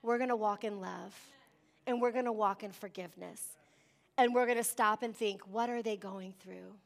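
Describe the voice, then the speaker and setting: A woman preaching a sermon, lively and emphatic, often asking the congregation "amen?". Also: medium pitch, normal speed, vocal fry. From Wisconsin. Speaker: pastor.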